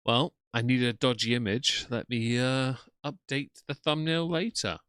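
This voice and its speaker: A man's voice: medium pitch, fairly even intonation, unhurried, a bit bright, smooth, no echo. Sarcastic man chatting on a live stream. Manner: chatty, sarcastic, greets chat by name. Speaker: streamer reacting to videos. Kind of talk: casual live-stream commentary.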